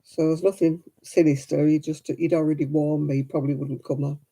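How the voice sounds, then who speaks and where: A woman's voice: low-pitched, flat delivery, fairly quick, warm tone. A woman hosting a casual crafting livestream, sleepy and yawning, chatting with viewers and laughing often. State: drowsy and yawning.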